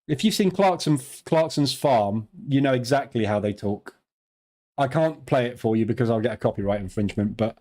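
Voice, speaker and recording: British man, trading stream host, casual commentary, joking asides, medium pitch. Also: animated, quick pace, darkish tone. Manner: chatty, joking, digressive.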